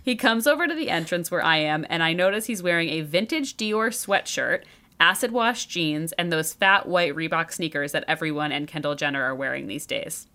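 Bright-voiced chatty woman storyteller. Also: sits low, normal speed. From Chicago. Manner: chatty, lots of "like" fillers and laughter. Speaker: podcast host telling a dating story. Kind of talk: casual storytelling chat.

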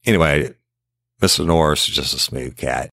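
A man's voice: a bass voice, normal speed, gravelly, a bit bright, no echo. A middle-aged man, telling a true-crime story in a rambling, casual way and repeating himself often. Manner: rambling, repeats himself, tags every quote with "I said". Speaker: podcast host and former investigator.

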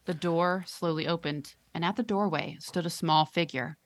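A woman podcast host reading a listener's horror story aloud with dramatic, drawn-out storytelling on a close mic. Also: lowish voice.

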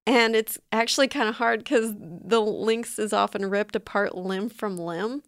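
A woman's voice: mid-range voice, a little slow, fairly bright tone, clear, resonant tone, no room sound, studio quality. A woman hosting a podcast in casual chat, playful and chatty, laughing often, with fillers. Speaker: podcast host.

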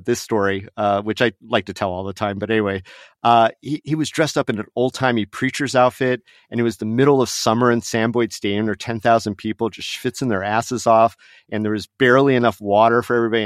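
Man, middle-aged, from Las Vegas, low voice, dry close mic, animated storyteller, podcast guest. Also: fast talker, clean tone, no echo. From Las Vegas, USA. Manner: animated anecdote teller, laughs often, acts out voices. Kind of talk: casual storytelling chat.

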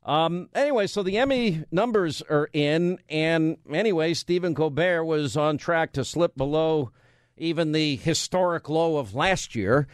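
A man's voice: a little high, a little slow, no room sound. A man hosting a talk radio show, firing off rhetorical questions and bantering with his studio crew. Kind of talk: conservative talk radio monologue. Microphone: studio mic.

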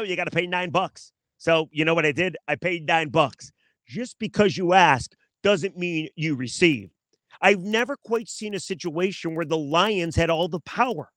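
A man hosts a sports talk show in a sarcastic monologue, mocking himself and speaking right to his listeners. His voice sits a little high for a man. The sound is dry and close, with little room around it. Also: a bit bright, dry recording. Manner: sarcastic, self-mocking, talks straight to listeners. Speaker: sports radio host. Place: outdoors in his backyard.

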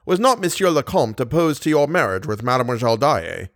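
A male narrator voicing a self-satisfied police commissary who questions briskly. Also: mid-range voice, expressive, a bit bright, no room sound, studio quality. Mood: probing.

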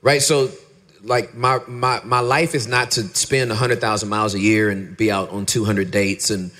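A middle-aged man, a pastor and podcaster, talking candidly in an interview and acting out his stories with lively dialogue. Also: moderate pace. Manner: animated storyteller, acts out dialogue in a high voice.

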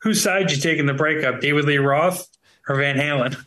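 A man's voice: on the high side, brisk, a bit bright. A man co-hosting a comedy podcast, trading crude, playful banter. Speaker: podcast co-host. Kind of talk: casual comedy podcast chat.

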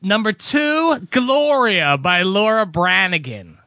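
A man with a high, bright voice that swings widely as he rants about songs in casual podcast banter. The sound is dry and close. He gets exasperated easily and laughs often. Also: no echo. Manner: animated, exasperated ranting, quick to laugh. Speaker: podcast co-host.

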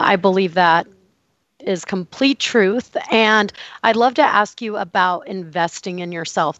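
A woman's voice: medium pitch, a bit bright, no room sound, muffled recording. A woman hosting an interview, affirming and enthusiastic as she asks her questions. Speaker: podcast host.

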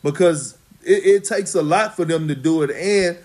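Profane, emphatic retired athlete. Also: male voice, a little high, darkish tone. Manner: blunt, profane, slow and emphatic. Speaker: retired basketball player guest. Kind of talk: casual podcast chat.

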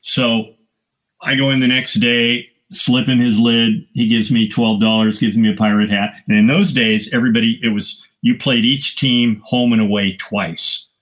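An older man, a guest photographer, telling casual stories in a lively raconteur's way, swearing freely. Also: medium pitch, moderate pace. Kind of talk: casual anecdotal storytelling.

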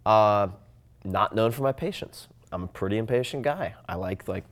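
Low-voiced man musing aloud on a podcast. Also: normal speed. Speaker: podcast guest. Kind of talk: casual conversation.

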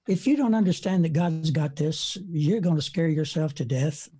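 A man's voice: a little high, a little slow, mellow, breathy edge. A man in his seventies, an evangelist preacher, telling stories in a folksy, rambling way with many fillers, speaking from his front porch. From United States. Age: 70s. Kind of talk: storytelling in an interview.

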